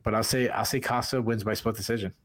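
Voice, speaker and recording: A man's voice: lowish voice, fairly even intonation, fast talker. Rambling Boston man breaking down fights. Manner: rambling, many restarts and fillers. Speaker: podcast co-host. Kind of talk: casual fight analysis chat.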